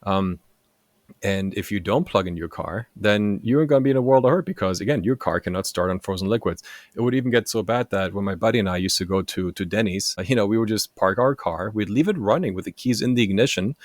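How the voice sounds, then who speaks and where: A man in his forties from Germany, a native German speaker, chatting as a podcast guest in a lively storytelling way and often tagging his sentences with "right?". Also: lowish voice, fast talker, no room sound, clean studio sound. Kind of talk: casual storytelling chat.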